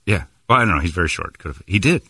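A man's voice: low-pitched, animated, fast talker, pushed and bright, husky, no room sound. A man hosting a sports radio show, rambling and teasing his co-hosts in joking studio banter.

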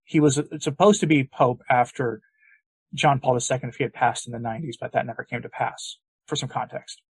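A man's voice: mid-range voice, fairly even intonation, fairly quick, creaky, slightly rough, dry recording. A man hosting an opinion podcast, talking in an emphatic, sarcastic, argumentative way. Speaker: podcast host.

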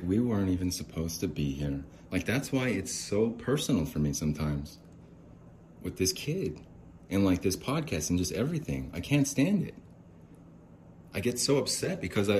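A man hosting a podcast, ranting in exasperation, swearing and swinging between low mutters and sharp outbursts. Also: slight background noise. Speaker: podcast host. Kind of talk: angry ranting monologue. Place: home near a window.

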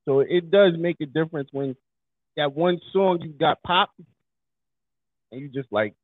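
A man's voice: on the high side, a little slow, no echo. A man co-hosting a podcast, chatting casually and hyping up his lines. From New York. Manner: animated, hypes up his lines. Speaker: podcast co-host. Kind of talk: casual chat. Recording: husky voice over a tinny phone-like line.

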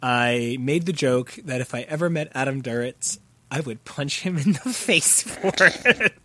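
A man co-hosting a podcast, telling a story in an animated, excitable casual chat. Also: medium pitch, measured pace, no echo. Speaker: podcast co-host.

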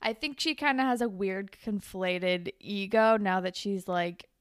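A woman's voice: mid-range voice, a little slow, smooth, dry recording, studio quality. A young woman co-hosting a casual podcast, chatty and swearing, acting out lines while recapping a TV episode. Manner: chatty, swears, acts out quotes. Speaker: podcast co-host.

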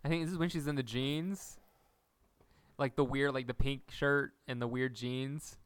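A man's voice: mid-range voice, moderate pace, clean tone, no echo. A young man co-hosting a podcast, casually recapping a TV episode and acting out the characters' lines as he retells it. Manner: animated storyteller acting out quotes. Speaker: podcast co-host.

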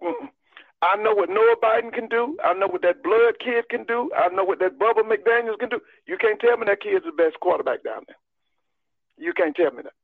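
A man's voice: high-pitched, fairly quick, no room sound. A man, calling in to a live sports show, talking emphatically and repeating his points in folksy terms. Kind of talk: casual sports talk. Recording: tinny phone line.

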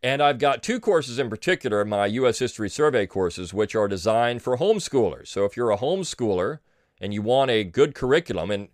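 A man's voice: mid-range voice, expressive, a little fast, no echo, studio quality. Sarcastic middle-aged man, mock-tearful. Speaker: podcast host. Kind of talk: sarcastic political commentary.

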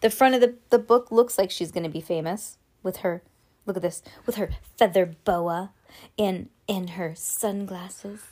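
A woman reading a children's chapter book aloud at home in a mid-range voice. She tells it with lively expression and breaks off into casual, chatty asides. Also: mid-range voice, unhurried. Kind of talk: storybook read-aloud at home.

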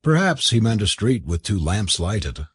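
A man's voice: lowish voice, sing-song, a little slow, slightly rough, no echo, studio quality. A man narrating an audiobook, telling the story expressively and switching into voices for the characters.

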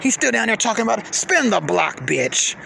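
A man hosting a podcast, ranting casually in a profane, repetitive way, with sudden jumps in pitch. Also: very animated, fairly quick, vocal fry, pushed and bright, a little hiss or hum. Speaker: podcast host. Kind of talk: casual rant.

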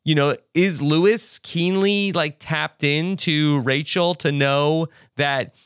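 A man's voice: fairly high pitch, slow pace, clear, resonant tone, dry recording, clean studio sound. A man hosting a podcast, steadily leading a casual recap of a TV episode and reading listener feedback. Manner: steady, leads the talk, reads out listener feedback. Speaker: podcast host.

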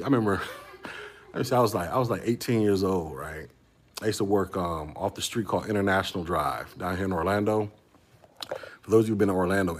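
A man's voice: low voice, a little hiss or hum. A man from Central Florida hosting a casual tech stream, rambling through stories and calling his viewers y'all. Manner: rambling storyteller, slangy, addresses chat as y'all. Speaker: tech podcast host. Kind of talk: casual livestream chat.

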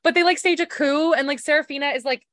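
Bright-voiced woman podcast host. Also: high voice, fast talker, no echo, studio quality. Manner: animated, laughing, swearing, puts on silly voices. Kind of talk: casual book-club chat.

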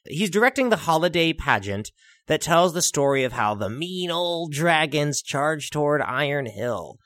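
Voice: medium pitch, big pitch swings, moderate pace, a bit bright, no room sound, studio quality. A podcast co-host riffing through improvised comedic worldbuilding, swearing freely and slipping into voices. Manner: profane, riffing, puts on voices.

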